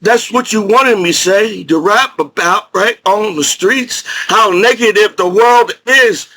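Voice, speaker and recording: A man's voice: sits high, takes it slowly, few pauses, bright, forceful tone, poor audio. A middle-aged male military veteran from New Jersey, ranting angrily and profanely to camera and repeating himself. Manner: agitated, profane, repetitive. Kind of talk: angry rant to camera.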